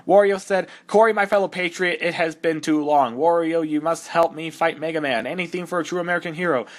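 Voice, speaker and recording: A man's voice: on the high side, fairly quick, lightly acted. A man voicing a cocky young male hedgehog hero, reading fan fiction aloud with sarcastic, exasperated mockery. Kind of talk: comedic fan-dub reading.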